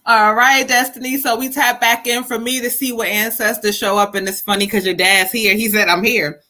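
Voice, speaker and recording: A woman psychic medium doing a live card reading, chatty and animated with frequent laughter. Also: on the high side, a little fast.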